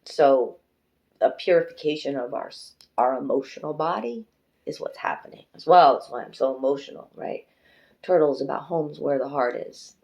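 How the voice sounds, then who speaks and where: A woman's voice: deep voice, expressive, normal speed, creaky, darkish tone, dull audio. Chatty, emotional woman tarot reader. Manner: emotional, chatty, swears and laughs freely; speaks fondly to viewers as darlings and sisters. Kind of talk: pick-a-card tarot reading.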